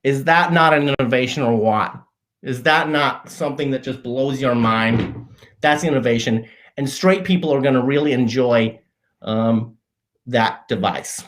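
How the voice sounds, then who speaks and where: Deadpan man hosting a mock-earnest comedy show. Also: medium pitch. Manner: deadpan, faux-earnest explaining of obvious things; halting, frequent restarts and self-corrections. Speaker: show host.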